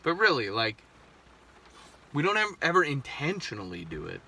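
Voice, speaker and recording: A man in his thirties speaks in a casual monologue with a gravelly edge and a bright, forward tone. He rambles candidly, swears freely and often breaks off to restart a thought. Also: mid-range voice, huge pitch swings, moderate pace, a little hiss or hum. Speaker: podcast host.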